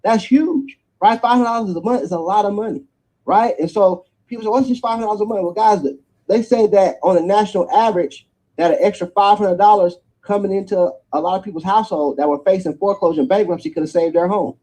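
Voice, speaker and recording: A man delivers a rapid, high-pitched sales pitch for a network marketing plan. His voice is husky and dark in tone. He drives each point home and checks in with his listeners again and again. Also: rough recording. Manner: energetic preacherly pitch, tag questions after each point.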